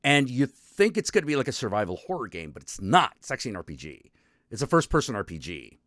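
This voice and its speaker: A man's voice: mid-range voice, fast, dry recording, clean studio sound. A man hosting a stream show, casually retelling a video game with lots of swearing. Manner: animated storytelling, frequent swearing and restarts.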